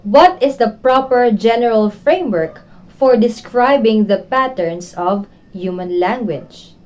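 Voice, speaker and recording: Slow, mellow-voiced young woman reading a report. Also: on the high side, lively intonation, poor audio. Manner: slow, careful reading of a prepared text. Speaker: student reporter. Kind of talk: reading a class report aloud.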